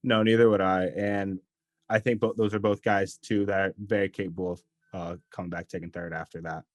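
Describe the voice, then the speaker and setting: A man co-hosting a podcast in casual sports chat, easygoing and agreeable, often trailing off softly. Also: sits low, flat delivery, brisk, no echo. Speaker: podcast co-host. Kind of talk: casual chat about wrestling.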